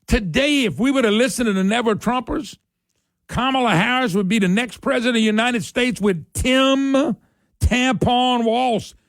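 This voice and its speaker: A man's voice: extremely high pitch, normal speed, no room sound. A middle-aged man, hosting talk radio in an opinionated political monologue. He talks in a fiery, emphatic way, repeats his points and climbs sharply when worked up.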